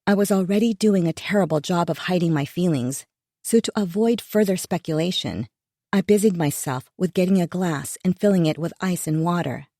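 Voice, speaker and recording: A woman narrating a first-person thriller audiobook in a measured, tense way. Her voice sits low and mellow, and the recording is dry and close with no room sound. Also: dry recording.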